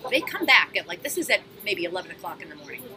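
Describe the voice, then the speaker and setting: A woman's voice: lowish voice, quick pace, crowd noise. Blunt New woman telling bar stories. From Astoria, Queens, New York. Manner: lively, blunt and profane, acts out shouting in her stories. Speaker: bartender, guest. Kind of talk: animated storytelling in casual conversation. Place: outdoors at a street-side table. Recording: street traffic noise outdoors.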